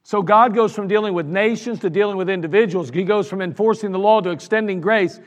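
A man's voice: high-pitched, brisk. A man preaching a sermon as pastor, earnest and emphatic, repeating phrases for stress. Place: church sanctuary. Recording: reverberant church sanctuary.

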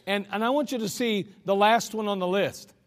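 High-voiced preacher in a reverberant hall. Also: male voice, normal speed. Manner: folksy, chuckling asides, emphatic scripture reading. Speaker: pastor. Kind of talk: sermon.

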